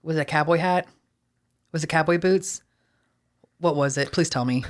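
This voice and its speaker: A woman's voice: deep voice, moderate pace. A woman from Texas with a Texan accent, talking casually as a podcast host, chatty and full of fillers with casual swearing. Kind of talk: casual chat.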